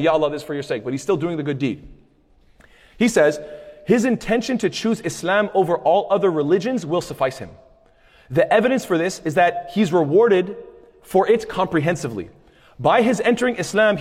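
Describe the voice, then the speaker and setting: A man teaches a lesson on hadith in a brisk, conversational way, often restarting his sentences and slipping in phrases. His voice sits a little high and he moves quickly. The sound carries a long hall reverb. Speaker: Islamic studies teacher. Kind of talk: lecture on hadith.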